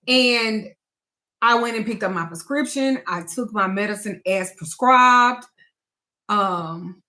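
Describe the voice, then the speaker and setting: Bright-voiced frank woman talking straight. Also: on the high side. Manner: frank, blunt and emphatic, with swearing and slang. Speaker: spiritual advisor and tarot reader. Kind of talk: candid talk to camera.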